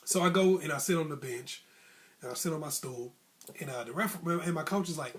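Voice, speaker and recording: A man's voice: a little high, quick pace. A man hosting an advice channel, casually telling a story to camera and acting out the other people's voices. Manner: animated, acts out voices of coach and referee; casual, colloquial speech.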